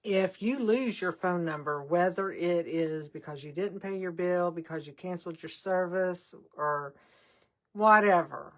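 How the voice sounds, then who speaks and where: A woman's voice: on the low side, a little slow. An older woman hosting a casual card-making vlog, chatting in a rambling way with self-deprecating asides while she works. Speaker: card-making channel host. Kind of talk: casual crafting vlog chat.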